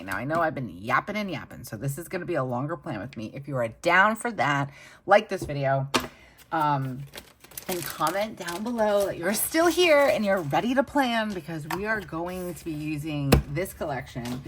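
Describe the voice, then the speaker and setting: An adult woman with children, a planner vlogger, chats casually and enthusiastically while decorating her planner, using many fillers. Her voice is low-pitched with lively intonation at a moderate pace, over a noisy background.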